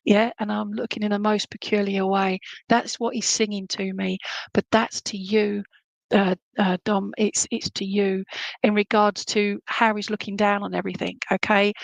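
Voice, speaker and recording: A woman giving live psychic readings to viewers, chatty and animated, humming tunes and relaying messages as she goes. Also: mid-range voice, gravelly, no room sound.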